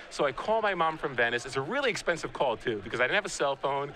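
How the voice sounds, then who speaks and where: Bright-voiced chatty male commentator. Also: medium pitch, fast talker, few pauses, a little hiss or hum. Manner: chatty, animated storyteller with frequent restarts. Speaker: guest commentator, pro player. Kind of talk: live game commentary and anecdote.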